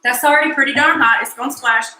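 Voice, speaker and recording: A woman's voice: high-pitched, fast talker, pushed and bright, echoey room, poor audio. A woman hosting a casual live cooking stream from her home kitchen, chatty and joking in a folksy way.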